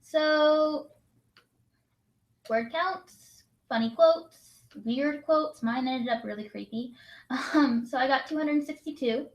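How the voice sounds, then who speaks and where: A young woman co-hosting a virtual writing session in casual chat, reading prompts aloud and laughing often. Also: sits high. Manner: bubbly, quick to laugh, reads prompts aloud. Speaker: write-in co-host. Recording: roomy echo.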